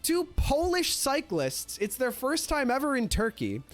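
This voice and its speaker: A man casually telling a story, animated and profane, filling his talk with "like". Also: very high-pitched, measured pace, soft background music. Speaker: streamer.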